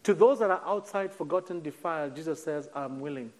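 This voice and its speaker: A male pastor preaching a sermon, dropping to a near hush on key words and then lifting again, slowing down for emphasis. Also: fairly high pitch. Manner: preaching with dramatic drops to a near hush and sudden lifts; slows right down on key phrases.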